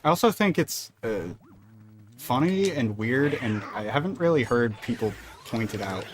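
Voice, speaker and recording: A man's voice: medium pitch, expressive, moderate pace, faint music behind. A man streaming a speedrun, chatting casually and rambling, with casual swearing between thoughts. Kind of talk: casual chat while gaming.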